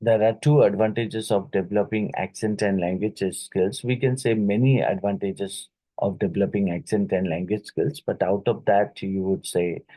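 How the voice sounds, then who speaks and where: A man with an Indian English accent teaching exam questions, repeating key words and filling pauses. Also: fairly low pitch, steady tone, dark tone, no echo, rough recording. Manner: slow, repeats key words, many fillers. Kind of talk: exam question-and-answer lecture.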